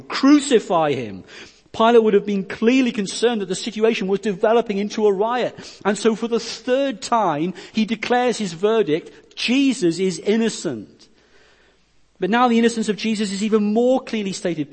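With a high-pitched, darkish voice, a man gives a sermon, reading scripture aloud and explaining each passage while his delivery surges and drops. The sound carries the long reverb of a hall.

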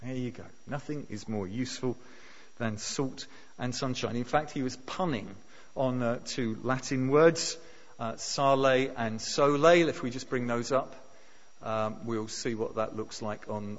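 A man preaching a sermon, emphatic, pushing key words up to near shouts. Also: medium pitch, steady tone, unhurried. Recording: dull sound with long hall reverb.

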